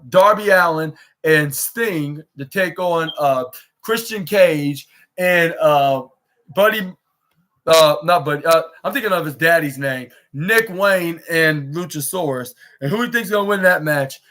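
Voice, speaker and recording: Young man, podcast host, high pitch, casual halting recap, lots of fillers. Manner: halting, many fillers and restarts, acts out quotes loudly.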